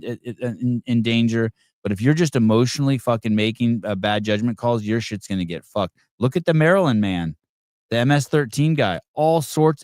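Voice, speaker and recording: A middle-aged man hosts a live call-in podcast, ranting bluntly and profanely, restarting as he rambles. His mid-range voice is a little mellow, with a dry, clean studio recording.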